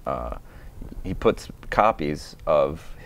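Male host, lowest register, laid-back teasing banter, faint noise behind. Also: expressive, extremely slow. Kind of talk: casual banter between comics.

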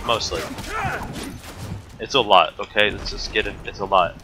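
A man playing an online game with a friend, swearing, teasing him like a stern father and yelling during fights. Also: fairly low pitch, normal speed, music in the background. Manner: crude joking, mock-fatherly teasing, shouting "boy". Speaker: gamer co-streaming a match. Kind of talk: casual gaming banter.

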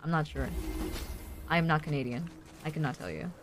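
A woman's voice: sits low, fairly quick, background noise. A woman streaming a video game, chatting casually and rambling with many fillers as she plays. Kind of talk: casual chat while gaming.

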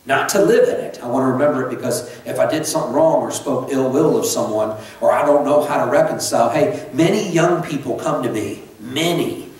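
A man's voice: medium pitch, fairly quick, hardly any pauses, a little mellow. A middle-aged male pastor preaching a conversational sermon, full of restarts and asides. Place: church sanctuary. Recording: echoey church from far off.

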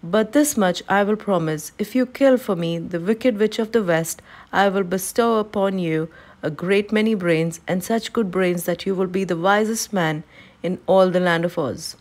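A woman's voice: mid-range voice, normal speed, a little mellow, lightly acted. A woman reading aloud, voicing a lovely winged lady who rules the land and speaks grandly. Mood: imperious. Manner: grand, sweetly imperious.

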